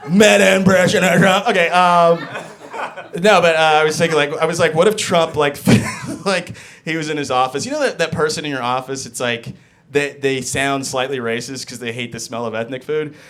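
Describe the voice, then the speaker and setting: A man's voice: fairly high pitch, a little fast, a bit bright. A man doing a live stand-up set in a studio session, rambling and interrupting himself with fillers and asides. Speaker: stand-up comedian. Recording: live crowd laughter.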